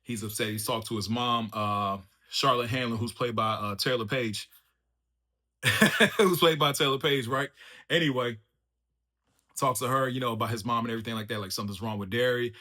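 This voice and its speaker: A man hosting a casual spoiler review of a TV show, excitable and slangy, laughing often as he recaps. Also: medium pitch, moderate pace. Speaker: TV review channel host.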